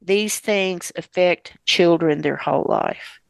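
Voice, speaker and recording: A woman hosting a casual interview, speaking in an unhurried way and reacting with sympathetic exclamations. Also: fairly low pitch, gravelly, dry recording. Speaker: host.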